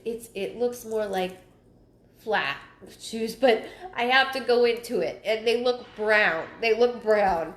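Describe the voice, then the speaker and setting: Halting, higher-voiced woman medium, roomy echo. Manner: halting, repeats phrases, thinks aloud. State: stuffed up. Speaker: psychic medium giving a live reading. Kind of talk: livestream reading.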